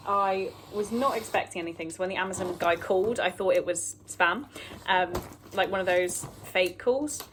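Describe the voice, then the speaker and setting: A woman's voice: lowish voice, moderate pace, fairly bright tone, slight background noise. A woman vlogging casually about her books and her week at home, chatty and rambling, with fillers. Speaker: book vlogger. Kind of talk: casual chat.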